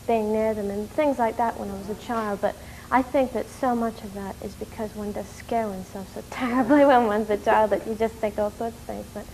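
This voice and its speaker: A woman from New York telling a story in an interview, animated and rushing, with many fillers. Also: mid-range voice, slight background noise, low-quality recording. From New York, USA. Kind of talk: casual storytelling.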